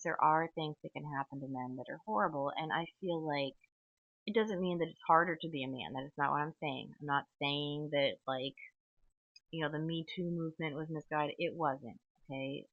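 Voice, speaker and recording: A low-voiced woman runs her own podcast, delivering a rambling, chatty stream of tangents peppered with fillers and "okay?" Dry, tinny, phone-like sound.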